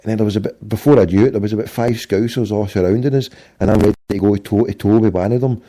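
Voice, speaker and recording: A middle-aged Scottish man with a gravelly, very dark voice spins a rambling story in casual podcast talk. He swears freely and acts out every exchange, slipping into the voices of the people he quotes. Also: fairly low pitch, fast talker. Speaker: podcast host.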